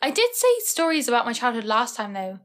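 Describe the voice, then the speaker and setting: A woman's voice: a little high, sing-song, a little fast, a bit bright. A young woman chatting casually and rambling on a live stream, tired and full of "like" fillers. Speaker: livestreamer.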